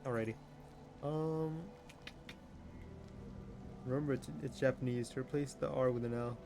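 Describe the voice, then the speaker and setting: A man's voice: mid-range voice, fairly even intonation, normal speed, music in the background. A young man streaming a game, chatting casually with viewers in a joking, offhand way and laughing often. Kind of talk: casual chat reading viewer messages.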